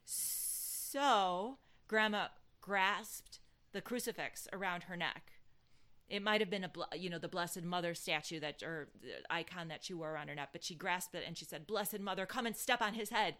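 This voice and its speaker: A woman telling a family story in casual chat, animated with hesitant restarts and hushed dramatic moments. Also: lowish voice, moderate pace.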